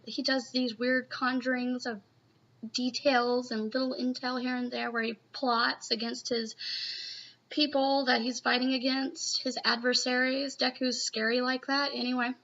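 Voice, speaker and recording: A woman's voice: high voice, fairly even intonation, a little slow, fairly bright tone. A woman chatting casually in a live reaction video, rambling and gushing with lots of "you know.". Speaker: manga reaction vlogger. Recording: muffled lo-fi home recording.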